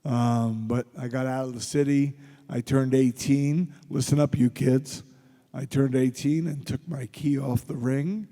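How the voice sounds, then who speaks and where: Middle-aged man, convention panel guest, dark mellow tone, loose storytelling to a crowd, heard with long hall reverb. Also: medium pitch. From Philadelphia. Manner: gruff, joking anecdotes addressed to the crowd. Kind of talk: audience Q&A storytelling.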